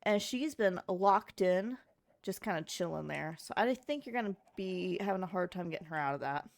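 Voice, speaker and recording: A woman's voice: lowish voice, expressive, moderate pace. Sleepy chatty woman streaming a game. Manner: chatty, rambling, talks to her chat. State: sleepy, just woke up. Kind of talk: casual game-stream chat.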